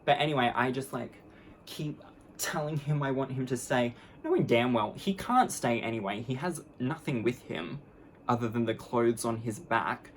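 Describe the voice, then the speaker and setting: A woman's voice: rumbling low, moderate pace, slight background noise. A young adult woman telling a story on her vlog, candid, blunt and sarcastic, mocking the people in it with put-on voices. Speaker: vlogger.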